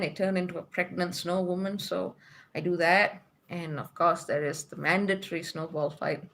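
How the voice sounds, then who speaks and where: A woman's voice: on the low side, a bit bright. A woman from Malaysia hosting a spiritual livestream in a casual, chatty way, reading out viewer comments and laughing often.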